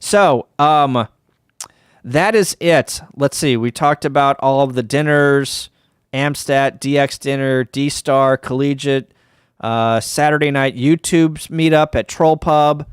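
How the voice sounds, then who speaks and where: A man's voice: mid-range voice, slow pace, clean tone, no echo, studio quality. A middle-aged man hosting a casual livestream, tired and rambling, with lots of ums, restarts and wry asides. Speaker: ham radio livestream host.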